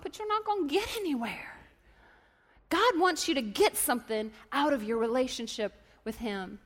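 High-voiced woman preaching in a reverberant hall. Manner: animated storytelling, acts out voices and shouts. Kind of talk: sermon. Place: church hall.

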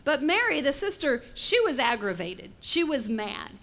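A woman delivers a sermon as an animated storyteller. She acts out the voices and sound effects of her stories. Her voice sits high and sounds bright. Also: moderate pace. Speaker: preacher.

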